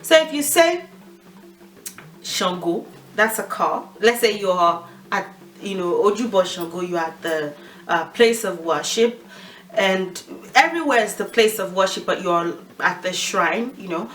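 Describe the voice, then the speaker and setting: A woman's voice: mid-range voice, expressive, measured pace, a bit bright, recorded from a distance, poor audio. A woman giving a casual language lesson, chatty and laughing often as she mixes in Yoruba phrases.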